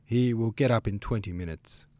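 A man's voice: on the low side, normal speed, dry recording, natural voice. A man voicing a restrained, weary young prince. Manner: quiet, restrained.

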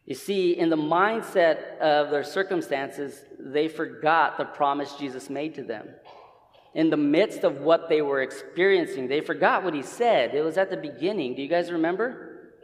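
A man's voice: fairly high pitch, moderate pace, long reverb tail. A man preaching a sermon in a church, casual and conversational, often restarting his sentences. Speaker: pastor. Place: church sanctuary.

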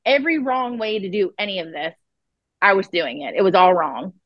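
Speaking briskly with lively intonation and a medium pitch, a woman appears as a psychic guest on an interview podcast. The recording is dry and dull. Her storytelling is blunt and full of swearing, and she acts out the quoted dialogue.

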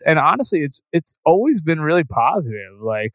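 A man's voice: a little high, very animated, normal speed, no echo, low-quality recording. A man guest on a podcast, telling tour stories in a rambling, profane way and saying "like" constantly. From Philadelphia. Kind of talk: casual storytelling.

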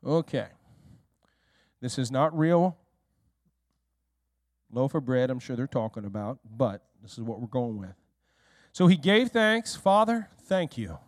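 A male pastor preaching a lively sermon, often asking his congregation questions and speaking to people in the room. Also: medium pitch, unhurried, pauses often, dry recording, studio quality. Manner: speaks directly to listeners in the room.

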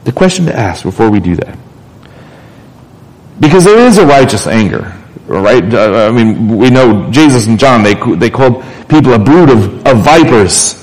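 A man's voice: medium pitch, expressive, moderate pace, a little mellow, rough recording. A man preaching a sermon in a casual, conversational way. He often restarts and repeats words as he talks. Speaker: pastor.

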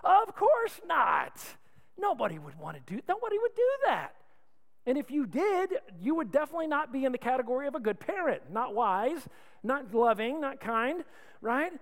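A male pastor preaching a sermon, calling on the crowd to repeat lines back, swinging between loud and hushed. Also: very high-pitched, big pitch swings, normal speed. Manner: call-and-response preaching, asks crowd to repeat. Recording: long hall reverb.

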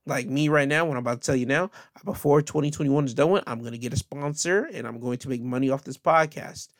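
A man's voice: medium pitch, fast talker, no echo, clean studio sound. A man hosting his own podcast, closing the episode in a rambling, upbeat way with many fillers. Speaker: podcast host. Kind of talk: solo podcast sign-off.

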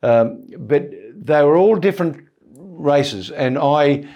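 A man's voice: fairly high pitch, animated, slow pace, slightly rough, highs cut off. A man in his seventies with an Australian accent, a comedian guest chatting casually in an interview, rambling and jokey, laughing often. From England, raised in Australia. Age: 70s.

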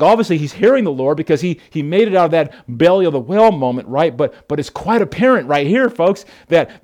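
A male pastor delivers a sermon emphatically, often doubling words as he restarts his sentences. His voice sits a bit high for a man. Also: a little mellow.

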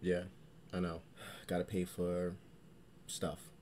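Male co-host, very low voice, relaxed halting chat, faint background noise. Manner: relaxed, hesitant, lots of ums. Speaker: podcast co-host. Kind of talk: casual chat.

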